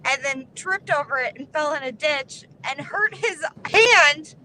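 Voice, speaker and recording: A woman, a paranormal investigator guest, chatting casually and telling a story in quick, animated bursts from a moving vehicle. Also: high-pitched, slight background noise, low-quality recording. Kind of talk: casual chat.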